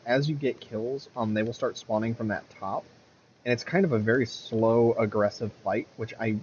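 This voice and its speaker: A man's voice: medium pitch, highs cut off, slight background noise. Rambling man commentating his gameplay. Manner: rambling, self-correcting, mutters at the game. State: has the hiccups.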